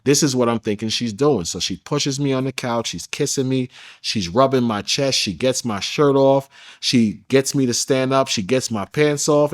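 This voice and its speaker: A man's voice: mid-range voice, animated, moderate pace. A man as an interview guest, telling a personal story candidly in a casual, slangy and blunt way.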